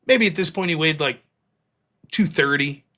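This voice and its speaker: A man's voice: fairly high pitch, normal speed, sharp tone. A man hosting a live stream, ranting bluntly with lots of swearing and reading out viewer donations. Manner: profane, heated, blunt. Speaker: livestream host reading donations. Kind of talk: casual livestream rant.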